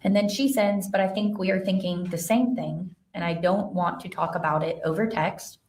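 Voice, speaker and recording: A woman witness testifies in a courtroom, her voice set somewhat low and heard from a distance. She reads out messages in a careful, matter-of-fact way, pausing on the odd filler, while the room adds a roomy echo around her. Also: steady tone, a little mellow. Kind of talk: courtroom testimony, reading texts aloud. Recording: echoey courtroom sound from far off the mic.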